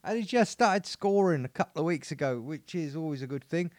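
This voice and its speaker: A man's voice: fairly high pitch, lively intonation, fairly quick, darkish tone, dry recording, studio quality. A man from England, co-hosting a podcast in playful, joking banter. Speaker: podcast co-host. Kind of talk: casual chat.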